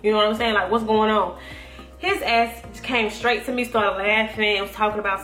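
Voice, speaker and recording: A young woman telling a profane, animated story to her viewers, quoting herself and her friends as she goes. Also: medium pitch, brisk. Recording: echoey room with faint music.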